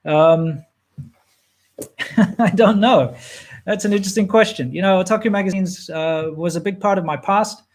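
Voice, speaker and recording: A man in his thirties hosting a casual question-and-answer chat, relaxed and rambling, with plenty of fillers and restarts. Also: sits high, measured pace, long pauses. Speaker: channel host answering viewer questions.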